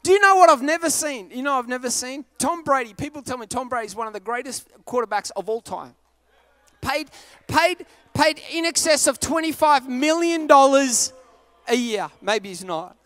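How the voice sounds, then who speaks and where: An Australian man preaches in an animated, self-mocking storytelling style, now and then bursting into shouts as he acts out a scene. His voice sits high for a man. The sound is dry, with almost no room around it. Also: normal speed, no room sound. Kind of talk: humorous sermon storytelling.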